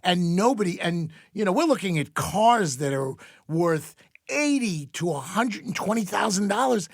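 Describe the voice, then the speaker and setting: A man's voice: sits high, expressive, moderate pace, gravelly, dry recording, studio quality. Blunt wry man in his sixties. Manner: blunt, wry and ranting, with some swearing. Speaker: guest, the host's father. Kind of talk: casual podcast chat.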